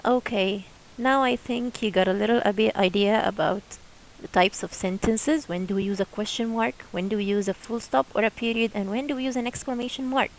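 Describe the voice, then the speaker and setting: A woman English teacher giving a lesson, speaking slowly and repeating questions and examples. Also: mid-range voice, steady tone, a little hiss or hum, low-quality recording. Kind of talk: classroom lesson.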